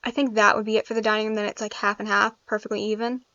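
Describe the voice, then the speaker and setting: A woman's voice: medium pitch, level tone, rapid-fire, bright, forceful tone, no room sound. A woman giving casual gameplay commentary, chatty and thinking aloud with frequent laughs. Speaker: gaming YouTuber. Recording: dry, slightly dull sound.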